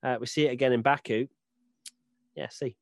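A chatty man runs a podcast, joking with his co-hosts and reading out what fans voted. His voice sits at a middling pitch and sounds dry and close, with no room around it. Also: fairly even intonation, normal speed, no echo. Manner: chatty, joking, reads out fan votes. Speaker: podcast host. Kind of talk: casual chat.

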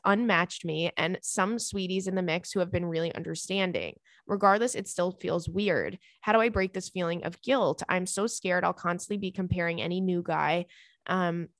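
A woman's voice: fairly low pitch, no echo, clean studio sound. A young woman podcast host in casual chat, reading out a listener's email and giving sympathetic, rambling advice. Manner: chatty and sympathetic, with frequent restarts and fillers.

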